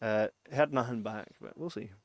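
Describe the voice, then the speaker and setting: A man's voice: fairly low pitch, normal speed, dry recording, studio quality. A Scottish man co-hosting a podcast in casual chat, laughing often and swearing, with Scots slang. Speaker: podcast co-host. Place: studio.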